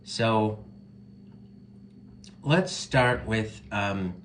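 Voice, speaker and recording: Weathered-voiced man ranting slowly outdoors. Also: fairly low pitch, a bit bright, slight background noise, low-quality recording. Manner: frustrated, emphatic, rhetorical questions. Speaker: singer and video creator. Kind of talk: casual vlog rant.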